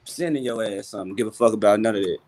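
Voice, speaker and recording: A man hosting a casual chat, talking in slangy, animated storytelling. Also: on the low side, rapid-fire. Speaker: podcast host.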